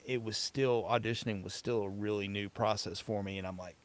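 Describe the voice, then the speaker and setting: Male actor, lower voice, faded Southern accent, relaxed storyteller. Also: fairly quick. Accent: light Southern US. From Southern US, Tennessee. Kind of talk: casual chat.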